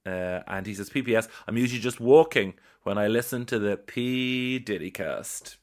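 A man's voice: lowish voice, normal speed. Irish guy on a comedy podcast, reading out listener mail and riffing on it, wry and playful. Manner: wry, playful, stops to riff on what he reads. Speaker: podcast host. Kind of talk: comic podcast monologue reading listener emails.

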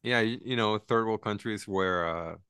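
Man, lowish voice, dry close sound, laid-back podcast co-host. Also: moderate pace, fairly bright tone, clean tone, no echo. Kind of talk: casual chat.

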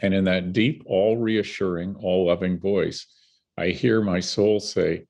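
The recording is muffled, and the older Canadian man's voice sits low, creaky and a little slow. A guest in conversation, he tells animated, vivid stories and laughs between them.

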